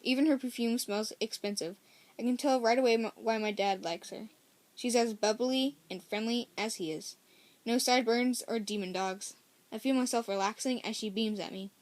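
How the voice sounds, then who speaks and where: A woman's voice: a little high, normal speed, dry recording. A woman reading a novel aloud in a casual, first-person way, often correcting herself and making chatty asides. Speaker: story reader.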